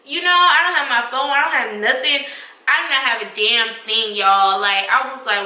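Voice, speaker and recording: A young woman vlogger telling a storytime tale in a lively, profane, emphatic way. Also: high-pitched, normal speed, reverberant, distant mic, low-quality recording. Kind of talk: storytime vlog.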